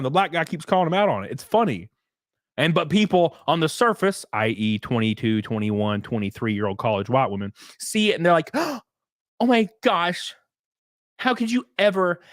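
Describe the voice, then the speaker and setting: A man hosting a livestream, chatting and ranting in a blunt, profane, animated way. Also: mid-range voice, no echo, clean studio sound. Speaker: livestream host. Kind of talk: casual livestream chat and rant.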